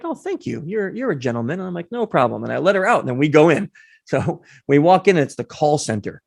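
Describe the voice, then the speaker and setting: A man as a guest, telling a story in an animated way and acting out the people in it. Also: a little high, vocal fry, no room sound, studio quality. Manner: lively anecdote teller acting out the people in his story.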